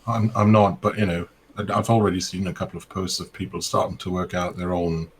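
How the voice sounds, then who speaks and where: A man chats as a guest on a hobby stream. His voice sits fairly low, and he hesitates and restarts often. A faint hum runs underneath. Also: little pitch movement, brisk. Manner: hesitant, with many ums and restarts. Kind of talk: casual hobby chat.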